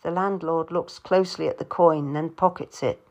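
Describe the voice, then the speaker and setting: A woman reading a first-person historical story aloud, in a quiet, measured storytelling manner. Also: sits low, steady tone. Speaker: narrator. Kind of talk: audiobook narration.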